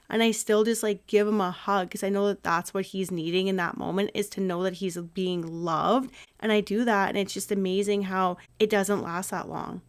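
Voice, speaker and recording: A woman hosts a relaxed podcast conversation at an ordinary, middle pitch. She sounds earnest and reflective, easing into personal stories about parenting. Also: moderate pace, few pauses, clear, resonant tone. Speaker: podcast host. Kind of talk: casual conversational interview.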